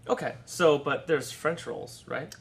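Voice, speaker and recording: A man's voice: fairly high pitch, a little slow, gravelly, a bit bright. Joking male talk show host. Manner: joking, chatty interviewer. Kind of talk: casual interview.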